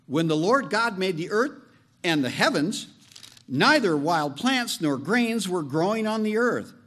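A man preaching a sermon as pastor, animated and joking, leaning on slow emphatic phrases. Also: high voice.

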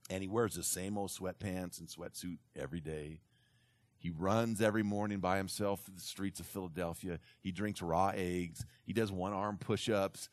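Man with lowish voice spinning a story for a crowd, does little voices, dry sound. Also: dry recording. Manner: animated retelling, slips into character voices. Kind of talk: storytelling talk to an audience.

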